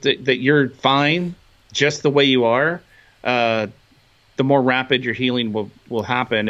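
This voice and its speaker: A man's voice: mid-range voice, a bit bright. Blunt male co-host, dull lo-fi audio. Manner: blunt, earnest, with casual swearing. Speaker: podcast co-host. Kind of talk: casual chat. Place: his home.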